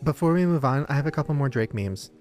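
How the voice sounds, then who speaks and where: A man's voice: on the high side, darkish tone. A young man hosting a podcast, telling a story in casual chat and laughing often. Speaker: podcast host.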